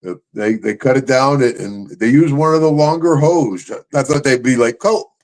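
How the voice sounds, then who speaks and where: A man's voice: medium pitch, moderate pace, darkish tone. An older man, a retired wrestler hosting his own show, telling stories in casual chat, boisterous and laughing often.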